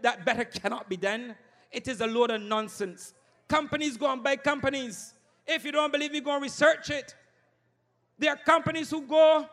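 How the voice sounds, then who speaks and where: A man with a Barbadian accent giving a fiery campaign rally speech, shouting and repeating his address to the crowd. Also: very high voice. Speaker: political candidate.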